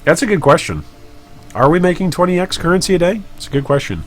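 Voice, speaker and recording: A man's voice: fairly high pitch, very animated, fast talker, faint music behind. A man hosting a casual live stream while trading, joking about himself and chatting with viewers. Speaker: gaming streamer and guild leader.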